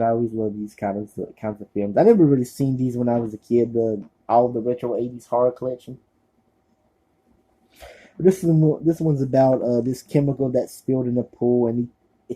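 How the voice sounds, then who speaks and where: Laid-back male vlogger with a deep, dark tone, offhand and rambling through his picks. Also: rough recording. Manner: rambling, many fillers and restarts. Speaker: horror movie reviewer. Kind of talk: casual movie recommendation vlog.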